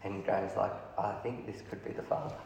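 A man preaching a storytelling sermon, lively, acting out the dialogue of the people in his story. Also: on the low side, brisk, vocal fry. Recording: echoey hall, heavy reverb.

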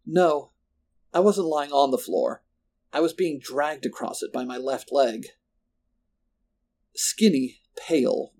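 A man reading a first-person horror story in a measured, descriptive way. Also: medium pitch, vocal fry, darkish tone, husky. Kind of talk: scripted horror narration.

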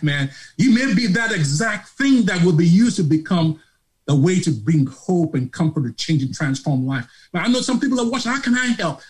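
A middle-aged man speaks with a Nigerian accent and a husky, slightly high voice. He tells his story like a sermon, dropping to a near hush and then rising to loud outbursts. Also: poor audio. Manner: passionate, preacher-like, swings from hushed to loud. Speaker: guest, charity founder. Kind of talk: emotional motivational storytelling.

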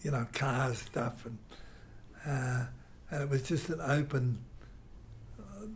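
An older man telling a rambling, animated story in an interview. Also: medium pitch, takes it slowly, slight background noise. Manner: rambling, animated storyteller who mimics guitar sounds. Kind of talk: reminiscing anecdote.

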